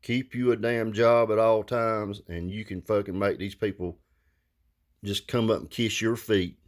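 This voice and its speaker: A man's voice: fairly low pitch, steady tone, a little slow. A man telling a story to his viewers in a casual rant, blunt and heavy with profanity. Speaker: vlogger.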